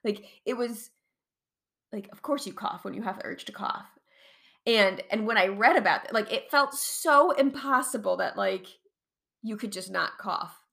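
A woman hosting a casual solo podcast, chatty and animated, laughing often and swearing casually while getting over covid. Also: mid-range voice, normal speed, gravelly. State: recovering from covid. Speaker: podcast host and chronic pain coach.

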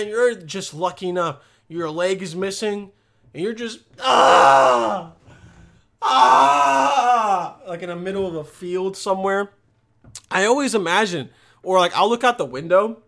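Young male vlogger, higher voice, profane animated rambling rant. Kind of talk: casual vlog rant.

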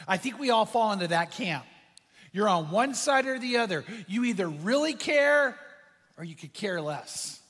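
A man's voice: expressive, normal speed, fairly bright tone, breathy edge, in a large hall. A man preaching a sermon as pastor, his voice swinging up and down for emphasis. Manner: impassioned preaching, pitch and volume swinging for emphasis.

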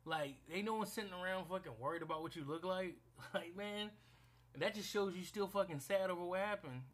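A young man with a somewhat high voice rants in a casual, blunt way. He swears freely and often stumbles into restarts and repeated words. His delivery stays loose and conversational. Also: brisk, a bit bright. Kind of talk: casual rant to camera.

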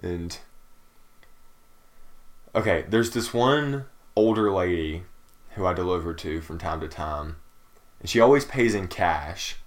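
A man's voice: low-pitched, expressive, measured pace, pauses often. A young man, co-hosting a casual podcast, laid-back and laughing often. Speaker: podcast co-host. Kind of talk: casual chat.

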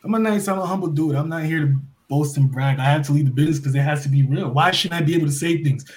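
Appearing as a podcast guest, a New York man delivers an impassioned monologue packed with rhetorical questions. His slightly high voice moves fast, swinging between loud and soft.

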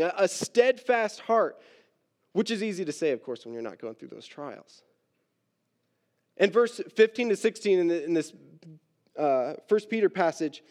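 High-voiced man preaching a casual sermon. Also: a little mellow. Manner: casual and self-deprecating, acts out Bible characters with quick asides. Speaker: pastor. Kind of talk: conversational sermon.

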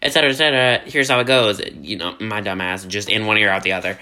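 A man's voice: on the low side, fast, sharp tone, clear, resonant tone. A man from the American South hosting a casual podcast, laid-back and self-deprecating as he jokes with his co-host. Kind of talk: casual chat.

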